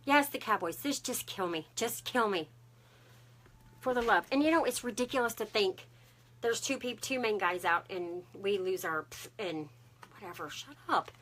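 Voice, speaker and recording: A woman's voice: medium pitch, normal speed, a bit bright. A woman, chatting to viewers on a craft live stream and greeting them by name. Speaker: craft livestream host.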